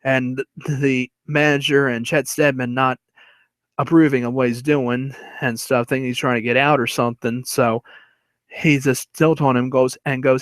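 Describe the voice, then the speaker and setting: A man's voice: mid-range voice, little pitch movement, measured pace, dry recording. Rambling man retelling a movie plot. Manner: rambling, with fillers and chuckles. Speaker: movie reviewer.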